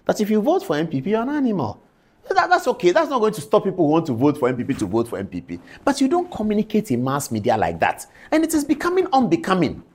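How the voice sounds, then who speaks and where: Indignant TV presenter. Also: male voice, mid-range voice, a little mellow. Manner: indignant, addresses people directly by name. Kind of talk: studio commentary.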